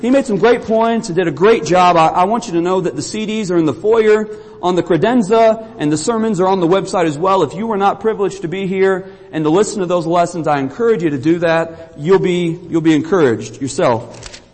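A man's voice: high voice, fairly quick, a little mellow, in a large hall. A man from Kentucky, preaching an earnest sermon in a church and often repeating words for emphasis. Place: church sanctuary.

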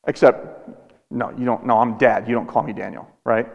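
Slow-preaching man in a reverberant hall. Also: medium pitch, steady tone. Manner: slow, deliberate preaching with dramatic pauses. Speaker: pastor. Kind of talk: sermon. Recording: long reverb of a large hall.

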